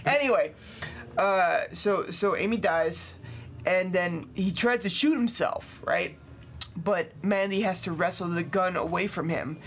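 A man's voice: high voice, a little slow, fairly bright tone, a little hiss or hum. A man hosting a casual podcast, retelling a true crime story with lots of fillers and laughs. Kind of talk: casual chat.

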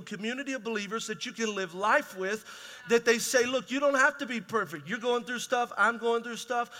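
A man's voice: very high-pitched, bright, forceful tone. A man preaching a conversational, emphatic sermon as pastor in a large church hall.

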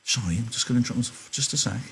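A man's voice: medium pitch, racing, creaky, a bit bright, slight background noise, poor audio. A male teacher explaining a novel to a class in a chatty way, with apologetic asides and self-corrections.

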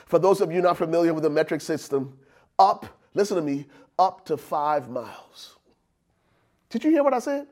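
A male pastor preaching a sermon, building to shouted climaxes and calling out to the congregation. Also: on the high side, expressive, moderate pace. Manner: preaching with swelling shouted climaxes and call-outs. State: out of breath.

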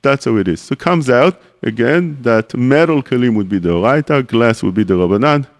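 A man's voice: medium pitch, animated, fairly quick. A man, a rabbi, giving a radio Torah class, explaining step by step, asking questions and answering them, with Hebrew terms mixed into his English.

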